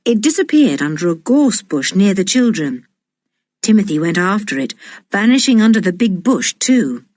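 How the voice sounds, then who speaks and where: A woman reading a children's adventure audiobook aloud in a slow, deliberate and expressive way. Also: mid-range voice, no room sound, clean studio sound. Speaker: audiobook reader. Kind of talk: storybook narration.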